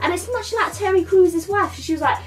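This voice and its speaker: A very high-pitched woman's voice, fairly quick and recorded from a distance, slightly off-mic, voices Bobby for a character comedy podcast. The character is a crude, cocky, boastful young London lad who rambles and keeps adding "yeah?" and "mate".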